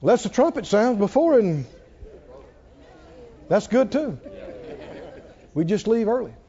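A man preaching a sermon to a congregation, slow and measured, building up to shouted exclamations. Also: sits high, very animated. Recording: dull lo-fi recording.

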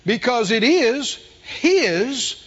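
Slow and emphatic, a male pastor poses rhetorical questions to his congregation in a sermon, his high, slightly bright and rough voice swinging widely in pitch. The audio is muffled and carries a long reverb from the church hall.

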